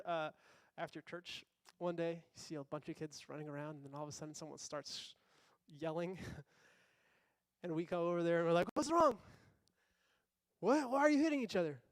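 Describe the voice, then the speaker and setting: A man's voice: on the high side, dry recording, studio quality. A young adult man preaching a sermon in a conversational way, asking rhetorical questions and acting out quotes. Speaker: pastor.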